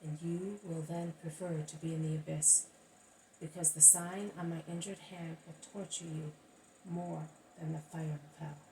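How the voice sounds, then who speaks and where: A woman's voice: sits low, steady tone, unhurried, warm tone. A woman reading as a grave, solemn male teacher. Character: calm, stern male teacher pronouncing judgment. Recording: distant mic, faint background hiss.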